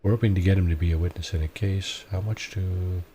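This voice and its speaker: A man giving relaxed, casual gameplay commentary, thinking aloud as he plays. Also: low-pitched, fairly quick, a little hiss or hum. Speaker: gaming video host.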